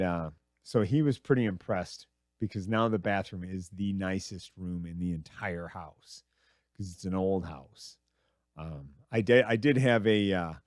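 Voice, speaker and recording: A middle-aged man hosting a comedy radio show, rambling and crude with a self-mocking streak. His voice sits fairly low and sounds dry and close, with no room around it. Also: no echo. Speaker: radio host. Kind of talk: casual comedic monologue.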